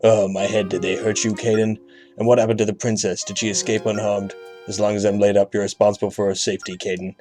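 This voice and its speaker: A man's voice: lowish voice, little pitch movement, fast, darkish tone, soft background music, lightly acted. A man doing a groggy, worried young man.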